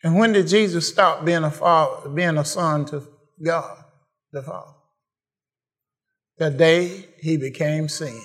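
A man preaching a sermon, repeating phrases and building to shouted praise. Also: fairly high pitch, a little slow, long pauses.

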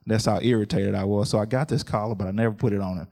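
A man preaching a sermon in a call-and-response style, laughing often and calling out hallelujahs as his voice climbs higher and louder. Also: steady tone, rapid-fire, gravelly.

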